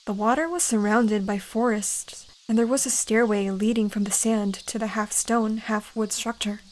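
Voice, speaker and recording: A woman gently reading a second-person fantasy story aloud in a whispered role-play. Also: medium pitch, steady tone, normal speed, a little hiss or hum. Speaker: fanfiction reader.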